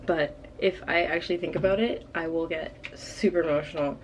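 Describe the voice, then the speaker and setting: A woman's voice: deep voice, fairly even intonation, moderate pace, slight background noise. A young woman in her late teens, talking through a casual video diary in a rambling way, full of "like" and "um". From Canada. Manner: rambling, filler-heavy, frequent "like" and "um". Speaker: vlogger.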